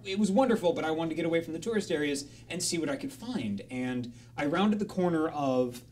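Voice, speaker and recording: A man telling a rambling, animated story live on a charity stream in a casual way. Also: on the high side, a little fast, slight background noise.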